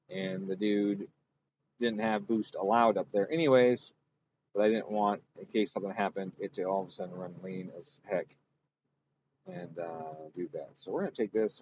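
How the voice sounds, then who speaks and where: Streaming a dyno session, a man works on tuning an engine and talks through it casually, thinking aloud, rambling and correcting himself in this technical livestream. His voice sits low, with the highs cut off and background noise present.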